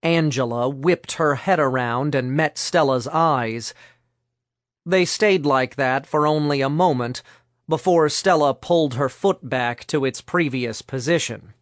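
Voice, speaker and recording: Male audiobook narrator, measured, unhurried reading, dry close sound. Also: medium pitch, fairly bright tone, no room sound. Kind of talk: scripted narration.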